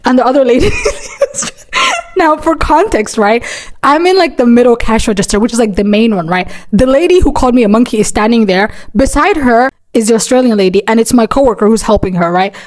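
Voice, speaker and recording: A woman's voice: on the high side, sing-song, a little fast. A young woman telling a storytime vlog in a rambling, chatty way, full of "like" and "right?", dramatic and swearing often. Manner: profane, dramatic. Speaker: vlogger.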